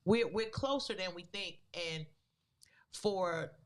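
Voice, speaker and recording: A woman co-hosting a podcast, telling a personal story in a casual, animated way with loose, vernacular phrasing. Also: medium pitch, slow. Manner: animated, acts out the people in her story. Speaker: podcast co-host.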